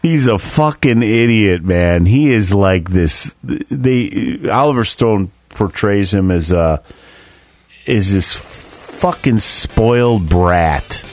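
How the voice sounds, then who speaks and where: A man's voice: lowish voice, expressive, slow, a little mellow, no echo. A man in casual chat, rambling through a story with lots of swearing and laughs.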